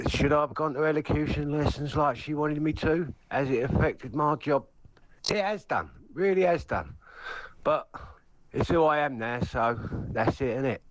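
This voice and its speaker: A man's voice: a little high, moderate pace, rough recording. A man with an East London accent speaking plainly in a voice note to a radio show. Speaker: listener sending a voice note.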